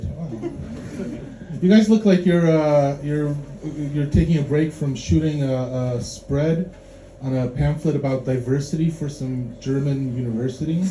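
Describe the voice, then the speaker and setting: A man from Poland doing dry, dark stand-up and teasing the crowd, on a handheld mic in a club. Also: a little high. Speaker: stand-up comedian. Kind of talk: stand-up comedy. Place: dark club room in a city. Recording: echoey club with loud audience noise.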